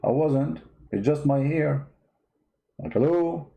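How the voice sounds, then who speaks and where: A man's voice: on the high side, takes it slowly, creaky, mellow, low-quality recording. A man from the Middle East hosting a religious debate video, giving a sarcastic, mocking comedic monologue.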